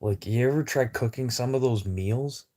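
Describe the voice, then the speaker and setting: A man's voice: mid-range voice, moderate pace, mellow. A man livestreaming a casual, rambling chat with viewers over a phone, talking in a blunt, profane way.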